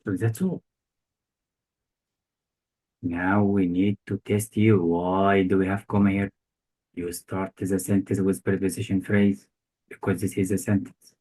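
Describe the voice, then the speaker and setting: A man's voice: sits low, flat delivery, unhurried, pauses often, mellow, slightly rough, rough recording. A male tutor giving a one-on-one grammar lesson, quizzing his student with short repeated questions. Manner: quizzing, repetitive questions, non-native phrasing. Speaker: English test tutor.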